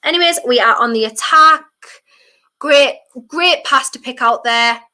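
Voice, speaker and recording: A woman's voice: sits high, unhurried, sharp tone. A young woman from Durham with a toned-down North East English accent, chatting casually on a football watchalong stream, reading viewer comments and answering bluntly with some mild swearing. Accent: mixed North East English, toned down. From Durham, England.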